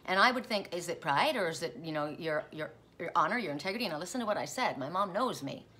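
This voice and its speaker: A woman's voice: on the low side, animated, fast talker, bright, forceful tone, a little hiss or hum. A middle-aged woman, a tarot reader, telling a personal dream story in a rambling, self-interrupting way. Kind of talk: casual spoken storytelling.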